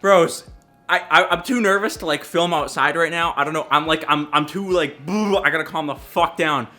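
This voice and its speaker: A young man vlogging casually about his car, talking in an excited, rambling way and swearing a lot. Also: a little high, fairly quick, faint music behind.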